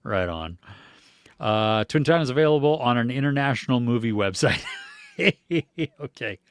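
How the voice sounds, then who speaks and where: A man's voice: mid-range voice, moderate pace, clean tone, dry recording, clean studio sound. An American man hosting a casual podcast, chatting loosely about movies and reading out viewer comments, with lots of fillers and small laughs. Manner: relaxed, rambling, with many fillers and small laughs. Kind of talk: casual chat.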